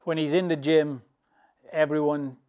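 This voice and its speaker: A boxing trainer from England spins casual, rambling anecdotes with a slightly raised pitch. He talks loosely and colloquially and laughs easily through his stories. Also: level tone, measured pace, a little mellow. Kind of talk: storytelling interview answers.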